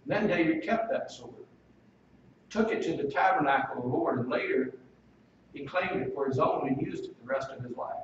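A man's voice: medium pitch, animated, moderate pace, noisy background. A male pastor preaching a sermon in an emphatic, folksy manner, heard from a distance in a church. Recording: echoey, dull, distant room recording.

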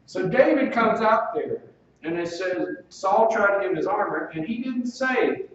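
A man's voice: sits high, animated, moderate pace. A male pastor preaching a sermon in an emphatic, folksy manner, heard from a distance in a church. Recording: echoey, dull, distant room recording.

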